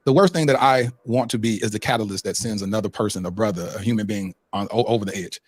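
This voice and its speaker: A man's voice: fairly low pitch, fast, no room sound. A man hosting a podcast, speaking earnestly and emotionally in a preacher-like way, leading into a prayer. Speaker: podcast host.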